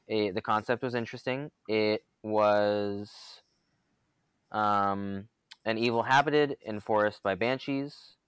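A man's voice: fairly low pitch, fairly bright tone, smooth, no echo. A man co-hosting a casual podcast chat, enthusiastic and long-winded, full of fillers and restarts. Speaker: podcast co-host.

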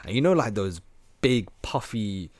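A young man hosting a podcast, telling travel stories in a lively, slangy way and laughing often. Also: fairly low pitch, a little slow, dry recording. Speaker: podcast host. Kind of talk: casual chat, travel storytelling.

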